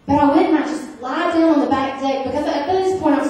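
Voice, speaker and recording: High-voiced woman preaching in an echoey church. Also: fairly quick, warm tone. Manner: humorous, emphatic, asks the crowd for amens. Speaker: guest revival preacher. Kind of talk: storytelling sermon with call and response. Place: large church sanctuary. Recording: very echoey hall, distant mic.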